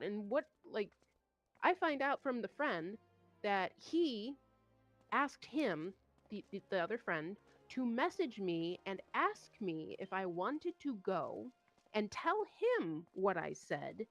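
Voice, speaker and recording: A young woman chats casually on stream, telling a long story with plenty of swearing and animated quoted voices. Her pitch sits mid-range for a woman. Faint music plays quietly behind her. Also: unhurried.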